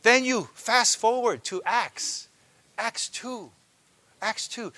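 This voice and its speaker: A man's voice: high-pitched, expressive, a little slow, bright, forceful tone. A man preaching a sermon to a congregation, repeating key phrases for emphasis.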